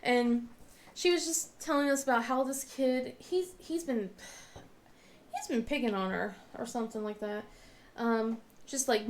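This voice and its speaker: Chatty woman with a slightly high voice. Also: unhurried, a little hiss or hum. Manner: rambling, with many restarts and quoted voices. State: mouth in pain. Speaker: vlogger and crafter. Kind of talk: casual chat while crafting.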